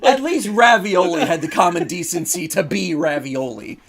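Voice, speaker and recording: Animated New Jersey man ranting for laughs. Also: sits high, normal speed. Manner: ranting, mock-outraged storytelling. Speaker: podcast co-host. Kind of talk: comedic casual chat.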